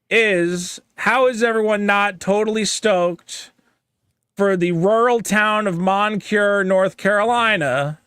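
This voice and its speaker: A man co-hosting a podcast, delivering a profane, animated comedic rant and mimicking other people's reactions. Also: sits high, clear, resonant tone, no echo, clean studio sound. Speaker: podcast co-host.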